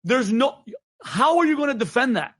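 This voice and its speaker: Heated fast-talking high-voiced man. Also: sing-song, fairly bright tone, husky. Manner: fast, heated, emphatic with restarts. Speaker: talk show guest. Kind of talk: heated debate talk.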